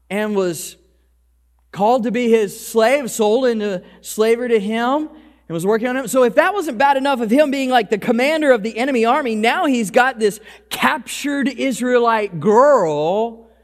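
A man preaching a sermon as pastor, telling the story with swings between loud calls and quiet, low lines. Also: normal speed. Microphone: microphone.

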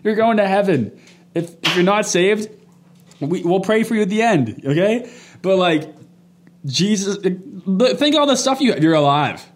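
A young man hosting a casual faith podcast, loud and quick to laugh, telling animated stories. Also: high voice, a little hiss or hum. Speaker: podcast host. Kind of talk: casual chat.

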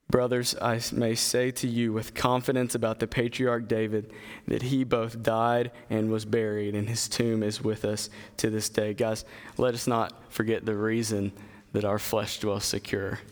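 A man giving an earnest sermon, reading scripture aloud and speaking with halting restarts and fillers. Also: fairly low pitch, little pitch movement, in a large hall. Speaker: preacher.

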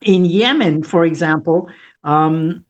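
A speaker in casual chat, recounting travel adventures in a halting way that repeats words. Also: mid-range voice, highs cut off. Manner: halting, repeats words while telling stories.

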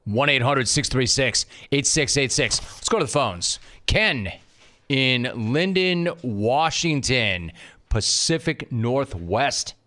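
A man hosting a sports talk radio show, bantering in an animated, mocking, rapid-fire way. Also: mid-range voice.

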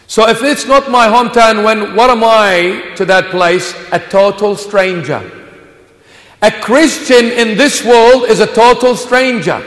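A man preaching a sermon in a church, dramatic, swinging between hushed asides and loud exclamations. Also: high-pitched, reverberant, big-room sound. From Australia. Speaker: bishop preacher.

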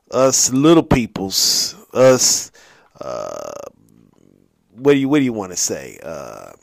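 A man's voice: mid-range voice, vocal fry, no echo. A man hosting a casual solo podcast, playful and rambling, often restarting his sentences. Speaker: podcast host.

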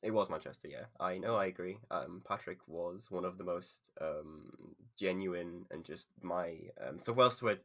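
A man's voice: low-pitched, moderate pace, few pauses, sharp tone. A man hosting a podcast, chatty and encouraging toward his guest. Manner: chatty, laughs often, encouraging. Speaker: podcast host. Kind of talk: casual chat.

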